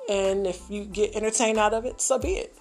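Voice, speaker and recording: A woman hosting her own podcast in a casual monologue, blunt and profane, and her voice climbs higher when she gets riled up. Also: fairly even intonation, brisk, darkish tone, soft background music. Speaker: podcast host.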